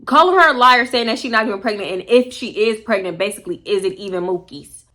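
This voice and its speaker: Blunt, animated storytelling woman. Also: fairly high pitch, quick pace. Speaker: storytime vlogger. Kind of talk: casual storytime.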